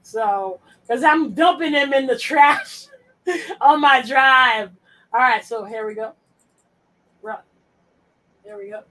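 High-ish voiced woman on a podcast, swears a lot, mutters to herself, real casual. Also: slow, pauses often, a bit bright, slight background noise, rough recording. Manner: blunt, profane, muttering to herself. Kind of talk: casual chat while sorting files on screen.

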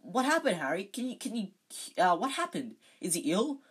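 A reader voicing an eager, excitable young boy with a high, loud voice, in a fan storybook reading. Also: normal speed, husky. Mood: excited. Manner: eager and breathless.

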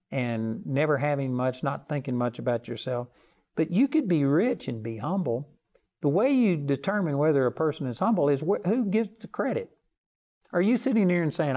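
A man preaching a televised sermon, telling stories earnestly and rising for emphasis. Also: a little mellow. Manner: earnest storytelling, rises in pitch for emphasis.

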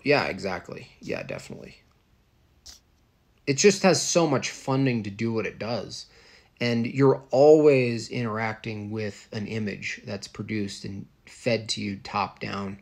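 A man's voice: on the low side, measured pace, creaky. Scornful rambling man. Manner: scornful, rambling, many fillers. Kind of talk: ranting casual monologue.

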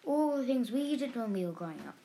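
A woman's voice: a little high, lively intonation, a little fast, dark tone, slight background noise. A woman voicing a boisterous, homesick father hyena in a storybook reading, speaking emphatically. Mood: wistful.

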